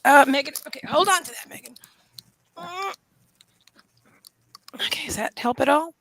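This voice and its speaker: A woman hosting a casual livestream from a room in her home, gushing and excitable as she talks to her dogs. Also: sits high, normal speed. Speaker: host of a live psychic reading stream. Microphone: camera setup lit by a ring light.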